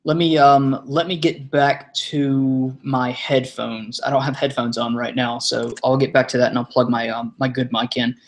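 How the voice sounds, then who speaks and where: A man's voice: medium pitch, flat delivery, moderate pace, few pauses. Rambling, swearing young male streamer. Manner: rambling, swearing, laughing often. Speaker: stream host. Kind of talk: casual live-stream chat.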